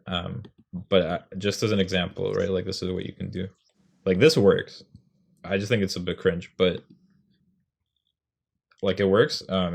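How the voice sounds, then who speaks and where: A man's voice: low-pitched, creaky. A young man explaining how to write a poem in a casual, rambling, self-mocking way, sounding out rhythms aloud. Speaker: poetry tutorial host.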